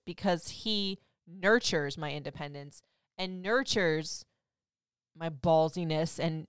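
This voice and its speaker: A woman in her thirties, a radio host, talking candidly and chattily in a casual monologue, getting loud for emphasis and dropping soft for asides. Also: low voice, takes it slowly, clean tone, dry recording, studio quality.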